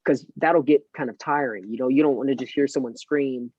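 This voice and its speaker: A man who is an actor, chatting as a guest on a podcast in a relaxed, rambling way with many fillers. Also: mid-range voice, a little fast, breathy edge, dry recording. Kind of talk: casual interview chat. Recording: dry, dull lo-fi sound.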